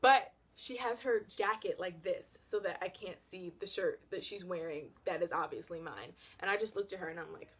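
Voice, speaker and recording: A young woman recounting a story to camera in a casual, animated way, peppering her talk with "like". She sounds dramatic and expressive. Her voice sits a little lower than most women's. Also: normal speed, hardly any pauses, slightly rough. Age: young adult. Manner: animated and dramatic, heavy use of "like". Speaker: vlogger.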